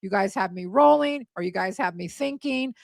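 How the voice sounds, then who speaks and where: A woman's voice: mid-range voice, animated, normal speed, vocal fry, no room sound. A woman in her forties hosting a casual live stream, chatty and blunt, scornful as she reads viewer comments aloud. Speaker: host.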